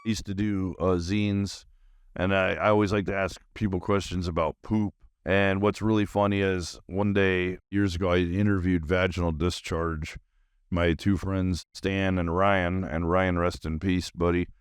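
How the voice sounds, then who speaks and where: A man with a low, flat, unhurried voice and a clean tone hosts his own podcast, recorded dry with clean studio sound. Highly caffeinated, he rambles on nonstop in a loose solo monologue packed with fillers.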